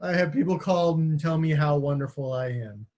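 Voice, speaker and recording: Wry, slightly high-voiced male host. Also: moderate pace, a little mellow. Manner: wry, stammers and restarts when riffing. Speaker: podcast host. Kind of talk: casual podcast chat.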